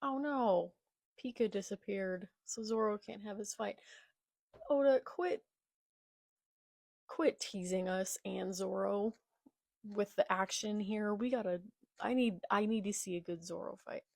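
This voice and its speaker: A young woman reading a manga aloud and reacting live, excitable, with gasps and whispered asides. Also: mid-range voice, normal speed, vocal fry, no echo, studio quality.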